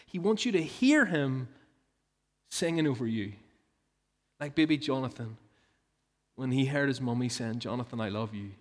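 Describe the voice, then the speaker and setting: Earnest male preacher. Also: a little high. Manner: earnest, emphatic preaching with rhetorical questions. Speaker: pastor. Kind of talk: sermon.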